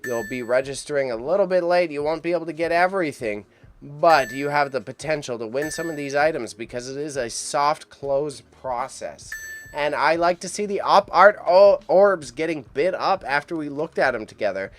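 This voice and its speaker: A man's voice: a little high, expressive, normal speed. Chatty stuffy-nosed man hosting a stream. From Canada. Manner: chatty, rambling, laughs often, stumbles over names. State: congested, stuffy nose. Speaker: live stream host reacting to an auction. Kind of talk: casual live stream commentary.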